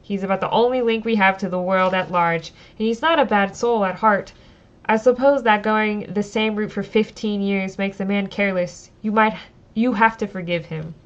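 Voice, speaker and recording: A woman's voice: medium pitch, moderate pace, muffled recording, lightly acted. A woman reading the lines of a chatty, welcoming village landlady, a little lighter than her own voice, without an accent. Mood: warm. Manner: read lightly, no Irish lilt imitated.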